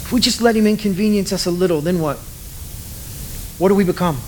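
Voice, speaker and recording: A middle-aged male pastor delivers a sermon in a loose, conversational way, cracking jokes and slipping into quick impressions of the people he quotes. His voice sits high for a man. A faint hiss of background noise runs under the recording. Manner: casual, joking, acts out quoted voices.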